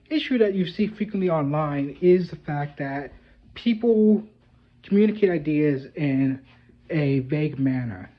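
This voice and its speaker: A man hosting his own video, explaining ideas in a thoughtful, loose way with many filler phrases. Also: a little high. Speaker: video host. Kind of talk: casual commentary to camera. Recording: dull lo-fi audio.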